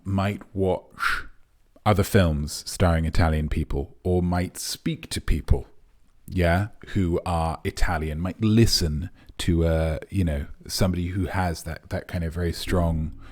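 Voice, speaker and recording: A man's voice: deep voice, darkish tone. A man hosting a comic live quiz in a pompous, rambling, mock-serious manner. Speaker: quiz host.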